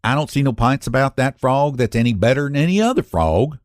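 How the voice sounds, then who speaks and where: A man voicing a wry stranger in a mining camp who speaks slowly and deliberately in rural dialect. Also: mid-range voice, animated, dry recording, clean studio sound, close to an everyday voice. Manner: slow and deliberate.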